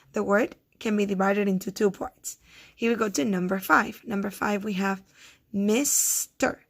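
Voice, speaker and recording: A woman teaching first graders phonics in a recorded lesson, patiently repeating each word so children can count its syllables. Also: mid-range voice. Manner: slow, patient, repeats words to sound out syllables.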